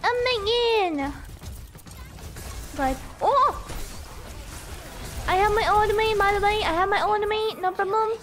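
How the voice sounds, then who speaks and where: A woman streaming a game live, hoarse from a cough, giggling and reading chat aloud between reactions. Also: very high voice, measured pace, pauses often, a bit bright, soft background music. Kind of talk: live gameplay stream, chatting with viewers.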